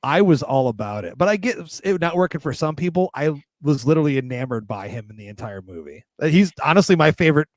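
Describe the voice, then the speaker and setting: A man's voice: on the high side, sing-song, quick pace, few pauses, dry recording. A man hosting a casual film review podcast, talking with enthusiastic, emphatic bursts. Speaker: podcast host.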